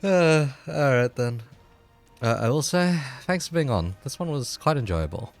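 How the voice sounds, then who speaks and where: A man's voice: mid-range voice, lively intonation, a little slow, soft background music. A man hosting a live stream, chatting casually with dry, amused reactions. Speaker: streamer host.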